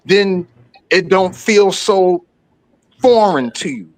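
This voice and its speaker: A high-voiced man with a New York accent talks through his view in a relaxed, explaining way, checking again and again that his listener follows. His voice sits close and dry with no room around it. It is the sound of an online panel debate. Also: slow, no echo. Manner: laid-back, explaining, keeps asking if you understand.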